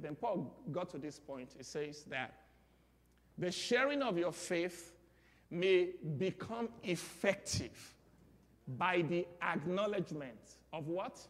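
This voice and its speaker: A man with a Nigerian accent preaching a sermon, leading call-and-response and building to loud exclamations. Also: fairly high pitch. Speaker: pastor. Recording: long hall reverb.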